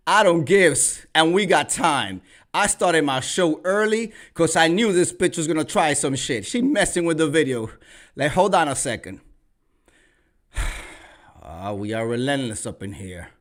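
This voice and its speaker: A man's voice: fairly high pitch, a bit bright. A man hosting a casual livestream, talking in a sassy, theatrical, mocking way. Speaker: livestream host.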